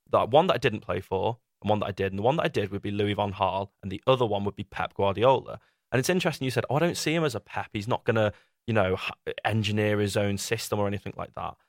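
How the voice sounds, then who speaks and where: A man's voice: fairly low pitch, no room sound, clean studio sound. A man, co-hosting a review podcast, making his case in casual debate and acting out quoted voices. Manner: argumentative, acts out quoted voices. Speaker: podcast co-host reviewing a documentary.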